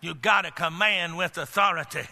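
Man, pastor, emphatic sermon, high voice, long hall reverb. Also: moderate pace, creaky, sharp tone. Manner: emphatic preaching with storytelling asides. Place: church sanctuary.

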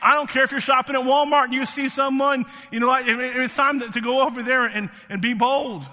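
High bright-voiced preacher guy in his 50s, teary and fired up, repeats himself, big echoey hall. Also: fairly even intonation, a little fast. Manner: emphatic, repeats words, rising to fervent pitch. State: tearful. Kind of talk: sermon.

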